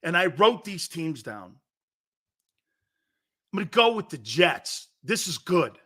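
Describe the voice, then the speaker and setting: A man's voice: a little high, very animated, slow, pushed and bright. A middle-aged man hosting a sports talk show, chatting casually, laughing often mid-sentence and firing questions at his crew. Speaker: sports radio host.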